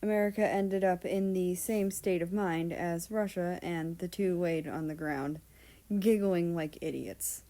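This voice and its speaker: A woman's voice: on the low side, fairly even intonation, a little slow, warm tone. A woman reading fan fiction aloud, narrating casually with offhand asides and the odd swear word. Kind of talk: storybook narration.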